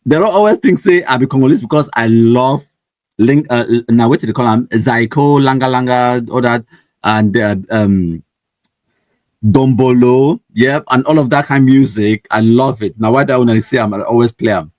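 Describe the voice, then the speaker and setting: Host, Cameroonian Pidgin accent, easygoing and laughing, reading comments in a dry close-miked sound. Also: male voice, mid-range voice, normal speed, darkish tone, no echo. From Anglophone Cameroon. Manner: laughs often, switches between Pidgin and English.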